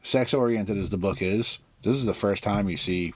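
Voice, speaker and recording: A man's voice: on the low side, moderate pace, slightly rough, no room sound. A man co-hosting a podcast, adding dry joking asides in casual chat about a comic book. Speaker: podcast co-host.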